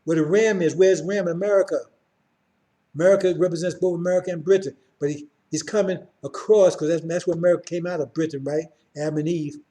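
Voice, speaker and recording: Give me a middle-aged man with a warm, slightly high voice giving an emphatic, informal Bible lesson. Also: steady tone, fast talker. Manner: emphatic, keeps checking in with listeners. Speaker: Bible class teacher. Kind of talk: informal Bible class lecture.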